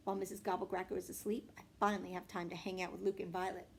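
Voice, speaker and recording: A woman reading a children's storybook aloud with expressive narration and lively character voices. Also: racing, a little hiss or hum. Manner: voices a young girl with bursts of high excitement. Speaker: audiobook reader.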